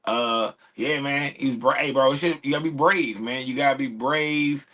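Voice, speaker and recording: A man hosting a casual podcast, animated and slangy, swearing freely. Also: mid-range voice, normal speed. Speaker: podcast host.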